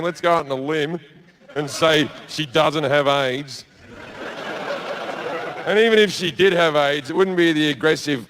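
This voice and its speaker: Crude Australian stand-up comic, high voice. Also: male voice, fairly quick, noisy background. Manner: crude, laid-back storytelling with acted-out quotes. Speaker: stand-up comedian. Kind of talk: stand-up comedy set. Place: large theatre stage with live audience.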